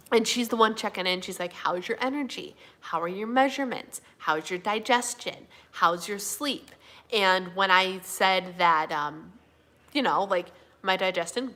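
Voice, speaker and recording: A woman's voice: medium pitch, fairly bright tone. A woman hosting a casual live chat, reading viewer comments aloud and answering them with lots of fillers. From Minnesota, USA. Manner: chatty, fillers and yawning, says y'all. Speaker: livestream host.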